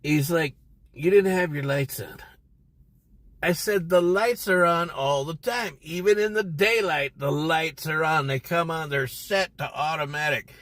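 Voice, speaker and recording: A man's voice: a little high, unhurried, hardly any pauses, a bit bright, no echo. A man telling a rambling, profane story on a casual livestream from inside his car. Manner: profane, rambling and irritated, heavy swearing. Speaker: livestream host.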